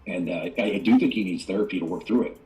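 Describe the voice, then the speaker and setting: Low-voiced man, fast indignant rant, music clearly behind. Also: a little mellow, rough recording. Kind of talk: chat on a played stream clip.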